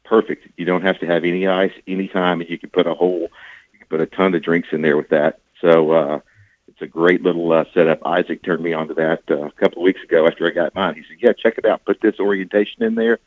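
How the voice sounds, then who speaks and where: A man with a very low voice calls in to a radio show, folksy and eager as he talks up his products. The sound is thin and tinny like a phone line, and it stays dry with no room echo. He speaks in a relaxed, homespun way with plenty of filler words. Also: fast. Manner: folksy, enthusiastic salesman talk. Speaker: radio guest, cooler business owner. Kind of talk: casual phone-in chat.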